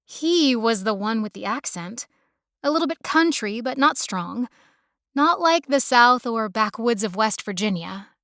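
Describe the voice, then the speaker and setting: A woman narrating a romance audiobook in a steady, even storytelling manner. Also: on the high side, unhurried, dry recording, studio quality.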